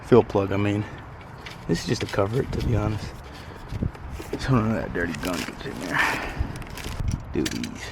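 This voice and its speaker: A man's voice: lowish voice, very animated, normal speed, vocal fry, pauses often, background noise. A man casually talking to himself and his viewers in a joking way while working on a car outdoors. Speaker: DIY car repair vlogger. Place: outdoors on a windy day.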